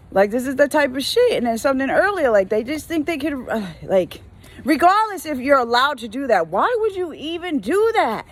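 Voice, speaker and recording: Exasperated woman ranting in her car. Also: mid-range voice. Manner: exasperated, mimics customers, lots of slang. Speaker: retail worker venting. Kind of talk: casual rant while driving.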